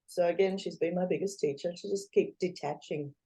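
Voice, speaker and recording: A woman's voice: fairly low pitch, a little fast, husky. A woman, a guest in a casual interview, talking animatedly and acting out what others say. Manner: animated, acts out quoted voices, laughs often.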